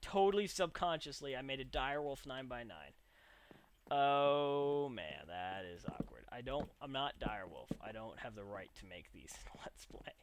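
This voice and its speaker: A man's voice: mid-range voice, animated, moderate pace. A young man rambling through casual gameplay commentary as a let's play host, with chatty, self-mocking asides. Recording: noisy home recording with clicks.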